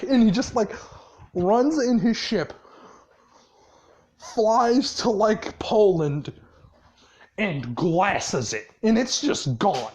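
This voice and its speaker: A rambling fan-story teller who curses freely and breaks into laughter. The voice moves slowly but jumps around in pitch, full of fillers and lively swings. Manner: profane, rambling, laughs often, lots of fillers. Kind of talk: casual fan story retelling.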